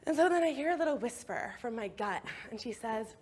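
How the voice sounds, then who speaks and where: A woman giving a motivational talk, telling a personal story in an expressive, animated way. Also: fairly high pitch, brisk, a little hiss or hum. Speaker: speaker.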